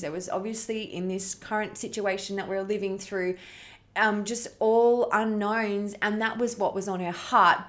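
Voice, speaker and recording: A middle-aged woman hosting a parenting challenge, telling a story in a heartfelt, candid way and laughing easily. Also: mid-range voice. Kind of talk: earnest storytelling talk.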